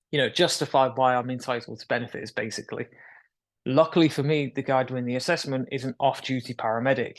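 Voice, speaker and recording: A young man, a guest in an interview, telling his story frankly with occasional nervous laughs. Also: mid-range voice. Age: young adult. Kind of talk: candid conversational interview.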